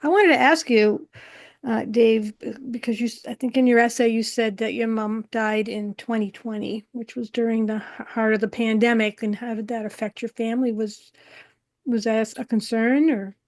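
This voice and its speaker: Woman interviewer with a higher voice. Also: steady tone, normal speed. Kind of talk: interview questions.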